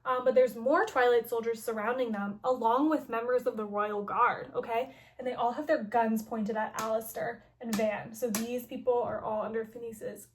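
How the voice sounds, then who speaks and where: Chatty young woman with a higher voice, filler-heavy, casual story recap. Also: steady tone, normal speed, few pauses.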